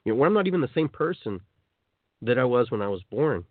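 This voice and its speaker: Male radio host, animated spiritual monologue; phone-line quality, dry and close. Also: mid-range voice, fairly quick, no echo. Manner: animated, acts out quoted voices.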